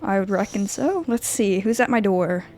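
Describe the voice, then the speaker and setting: A woman's voice: mid-range voice, lively intonation, normal speed, a little mellow. A teenage girl giving sarcastic, reactive commentary while playing a game. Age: teens. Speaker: gamer. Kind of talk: let's play commentary.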